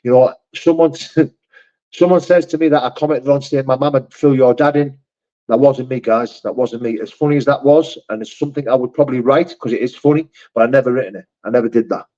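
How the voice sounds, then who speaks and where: A man's voice: medium pitch, brisk, dark tone, dull audio. A man hosting a live chat, reading viewer messages aloud and answering them bluntly, calling people mate and brother. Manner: blunt and matter-of-fact, with frequent swearing and "mate", "brother". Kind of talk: casual live-chat talk.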